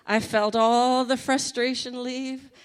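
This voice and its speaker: A woman sharing a personal faith testimony in an animated storytelling manner, laughing often. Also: fairly high pitch, slow, smooth.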